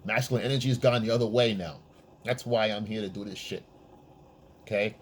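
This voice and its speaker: A man's voice: fairly low pitch, a little fast, slight background noise. A man giving blunt, profane dating advice in a casual monologue, often checking in with the listener. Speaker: men's dating coach.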